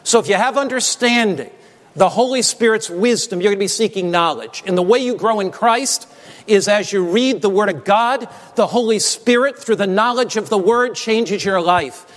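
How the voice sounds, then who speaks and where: A man's voice: high voice, normal speed. A man preaching a sermon, emphatic and prompting the congregation to call back answers. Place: church sanctuary. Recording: long hall reverb.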